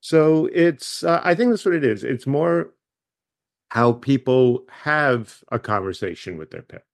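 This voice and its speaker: A man's voice: mid-range voice, animated, unhurried, no room sound, studio quality. A middle-aged man with a Long Island accent, a guest author in a casual interview, rambling with wry, self-mocking jokes. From Long Island, New York.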